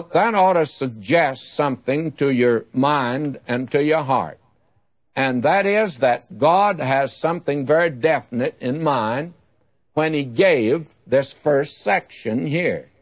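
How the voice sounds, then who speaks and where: A man's voice: medium pitch, no room sound, muffled recording. A man teaching through the Bible in a folksy, conversational way, speaking straight to the listener. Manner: folksy, direct address to listener.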